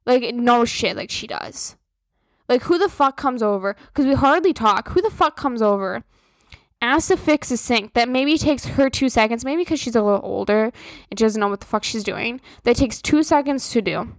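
A young woman rambles through a casual podcast rant, loaded with profanity and filler. Her voice sits a bit high, and the recording is dry with no room sound. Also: expressive, normal speed, no echo. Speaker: podcast host. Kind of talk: casual venting monologue.

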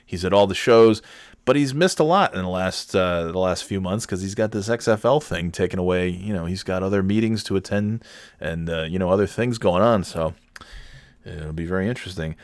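A man's voice: sits low, fairly quick, no echo. A man hosting a solo podcast, rambling in a loose, profane, digressive way. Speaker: podcast host.

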